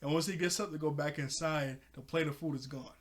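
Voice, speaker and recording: A man casually recapping a cartoon episode, excitable and laughing often as he talks to his viewers. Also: a little high, fairly quick. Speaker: cartoon reviewer.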